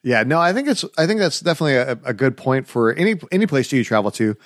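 Host, American man, friendly and chatty, mid pitch, dry close-miked sound. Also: sing-song, fast talker, dry recording. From United States. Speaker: podcast host. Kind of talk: casual interview.

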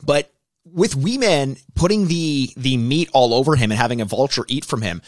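A man co-hosting a podcast in casual chat, swearing freely and stumbling over repeated words when he gets excited. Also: medium pitch, moderate pace, no room sound, clean studio sound. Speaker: podcast co-host.

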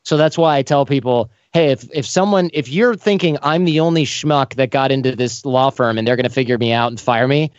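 A man in an interview, telling lively stories and acting out the voices of the people in them. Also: medium pitch, fairly quick, few pauses, no room sound, muffled recording. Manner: animated, acts out quoted voices. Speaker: podcast host as guest. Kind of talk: casual storytelling interview.

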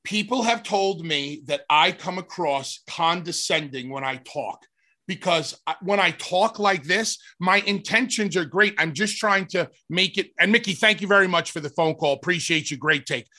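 A man's voice: on the high side, normal speed, pushed and bright. A man hosting a talk show, emphatic and talking over others. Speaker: host.

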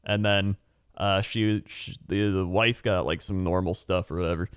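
A man's voice: low-pitched, steady tone, moderate pace, clean tone, no room sound, clean studio sound. A man co-hosting a casual podcast chat, rambling through stories with lots of "like" and frequent laughter. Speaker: podcast co-host.

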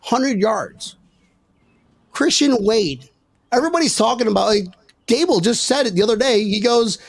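Excitable high-voiced man with gravelly edge. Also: normal speed, pauses often. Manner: excitable, joking, talks over others. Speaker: podcast host. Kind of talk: casual sports banter.

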